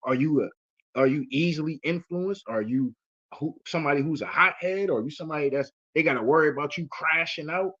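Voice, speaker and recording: A man's voice: on the high side, a little fast, bright, forceful tone. Profane rambling man on lo-fi audio. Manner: profane, rambling, lots of fillers. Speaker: host. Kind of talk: casual commentary and storytelling. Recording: muffled lo-fi audio.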